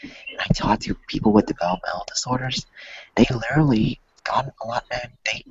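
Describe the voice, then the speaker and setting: A man in a casual podcast conversation, speaking softly and often half-whispered. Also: mid-range voice, fairly quick, husky, muffled recording.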